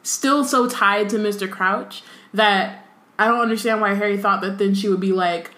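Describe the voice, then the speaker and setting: A woman co-host talks in a chatty, exasperated way and reads passages aloud. Her voice is mid-pitched, and the room echoes around her. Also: fairly even intonation, normal speed, fairly bright tone. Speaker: podcast co-host. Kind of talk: casual chat and reading aloud.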